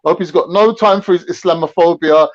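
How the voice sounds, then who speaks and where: Brash high-voiced man. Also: fast. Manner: brash, swearing, taunting. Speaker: guest on a livestream. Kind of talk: casual online banter. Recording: dull lo-fi stream audio.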